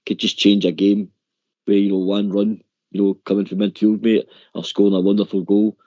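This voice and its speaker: Male caller, low mellow voice, earnest fan chat, dry muffled phone line. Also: little pitch movement, normal speed, dry recording. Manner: earnest, says "mate" often. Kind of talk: casual chat.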